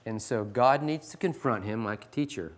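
A man's voice: mid-range voice, normal speed. A man in his forties, a teacher, earnestly teaching other teachers with scripture and stories. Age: 40s. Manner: earnest, pleading, reads scripture aloud.

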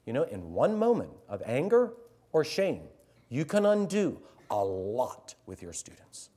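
A man's voice: medium pitch, huge pitch swings, measured pace, husky. Middle-aged guy telling teachers a story from his classroom, earnest, drops to near whispers. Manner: earnest, swings between loud emphasis and hushed near-whispers. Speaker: teacher speaking to fellow teachers. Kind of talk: storytelling talk to an audience.

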